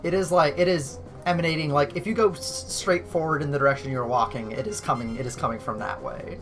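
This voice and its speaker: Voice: mid-range voice, fast, a bit bright, soft background music. A game master narrating a tabletop game in a loose, rambling way, often restarting sentences. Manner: rambling, self-correcting restarts.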